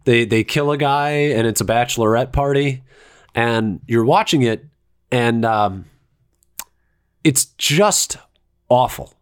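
A man's voice: mid-range voice, takes it slowly, pauses often, smooth. A man ranting sarcastically and swearing freely in a casual movie review chat.

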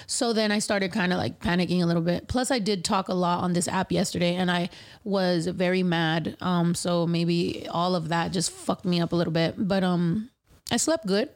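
A woman chatting casually on a livestream, rambling and frank with plenty of swearing, recovering from covid. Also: fairly low pitch. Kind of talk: casual chat.

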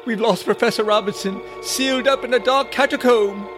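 A man's voice: very high voice, a little fast, music in the background, voice pushed up. A man voicing a fussy, cowardly older male space doctor who babbles in melodramatic hysterics. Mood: hysterical.

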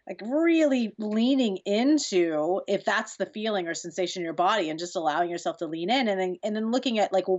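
A woman in her forties, a sex educator answering interview questions in an animated, breathy way and laughing easily. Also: mid-range voice, lo-fi sound. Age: 40s.

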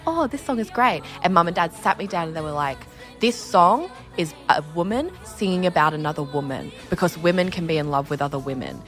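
A young Australian woman tells stories in a casual interview, talking fast and acting out what others said. Her voice sits a little low. Faint music plays under her. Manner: chatty, animated storytelling with lots of "like" and acted-out quotes. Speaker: musician guest.

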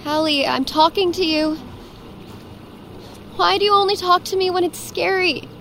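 A woman's voice: extremely high pitch, moderate pace, gravelly, fairly bright tone, a little hiss or hum, exaggerated voice. A woman playing an anxious, apologetic young woman haunted by dreams, who stammers when nervous. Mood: exasperated. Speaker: game protagonist. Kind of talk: video game voice acting.

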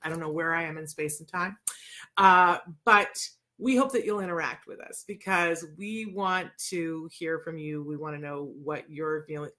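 A woman's voice: low-pitched, normal speed, sharp tone. A woman in her forties who hosts a live autism show and podcast, talking in a chatty, casual way with many fillers. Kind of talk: casual live-stream talk. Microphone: live-stream mic.

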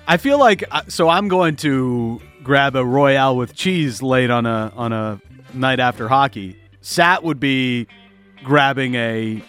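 A man's voice: medium pitch, slow pace, a bit bright, clear, resonant tone, faint music behind. A married man hosting a casual podcast chat, playful, laughing often and steering the topics. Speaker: podcast host.

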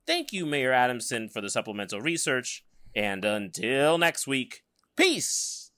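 A man hosting a podcast, wrapping up a segment in a quick, teasing way. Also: mid-range voice, sing-song, sharp tone, no room sound. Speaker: podcast host. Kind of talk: casual podcast segment wrap-up.

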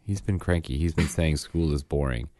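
A man's voice: very deep voice, moderate pace, no room sound. A man in his thirties, a father chatting casually on a podcast and acting out his kids' lines in voices. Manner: animated storyteller, acts out his kids in voices. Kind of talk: casual chat.

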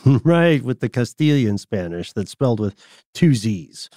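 A man's voice: mid-range voice, measured pace, no echo, studio quality. A man co-hosting a podcast, telling a story in casual chat and acting out the quoted voices. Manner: lively, acts out quoted voices. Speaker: podcast co-host.

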